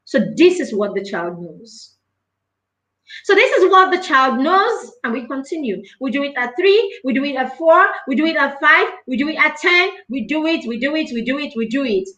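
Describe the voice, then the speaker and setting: A parenting coach speaks earnestly and presses her points by repeating them. Her voice sits high and sounds bright and forceful. She is recorded in a noticeably echoey room. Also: sing-song, normal speed. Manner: earnest and emphatic, repeats phrases for stress. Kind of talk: live parenting talk.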